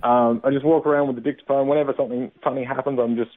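A self-mocking man, a comedian talking casually about his work in an interview. His voice comes through a thin, tinny phone line. He sits at an ordinary middle pitch and laughs often. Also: fairly even intonation, racing. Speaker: stand-up comedian, guest.

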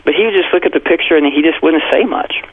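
Speaking fast in a slightly high, husky voice on a dry recording, a pastor and author recounts a personal story during an interview. He animatedly acts out quotes with a raised voice, and the broadcast audio sounds tinny and phone-like.

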